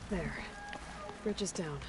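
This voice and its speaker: A woman's voice: lowish voice, takes it slowly. An actress playing a determined young woman hunter in a video game, thinking aloud in short, focused lines. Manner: terse, thinking aloud to herself. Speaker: game heroine. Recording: game audio over loud noise.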